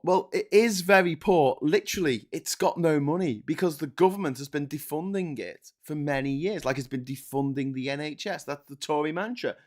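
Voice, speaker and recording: A man hosting a casual livestream from home, reading chat aloud and ranting sarcastically, laughing between lines. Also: a little high.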